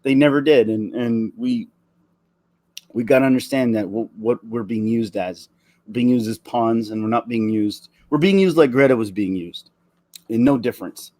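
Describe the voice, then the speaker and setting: A man's voice: mid-range voice, mellow, dry recording. Earnest man ranting, dry sound. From Canada. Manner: earnest, emotional, halting with many restarts. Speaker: vlogger. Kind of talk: impassioned opinion rant.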